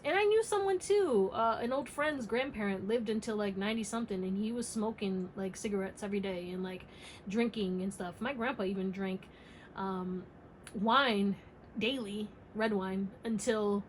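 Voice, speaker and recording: Woman doing a tarot reading, kinda high voice, blunt n sweary, lil hiss in the background. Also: rough recording. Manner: blunt and emphatic, swears freely. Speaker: tarot reader.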